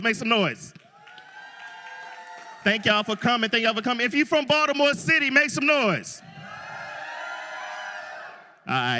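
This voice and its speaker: High-voiced comedian from Florida, bright. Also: male voice. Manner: loud crowd work, acts out characters' voices. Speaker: stand-up comedian. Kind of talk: stand-up comedy set. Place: live show before an audience.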